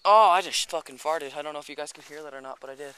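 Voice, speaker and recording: A man with a fairly high, sharp voice talks rapid-fire in a casual walking vlog, filmed handheld by a creek in the rural hills. He's a bit out of breath, rambling, swearing a lot, and dropping chatty asides, with slight noise in the background.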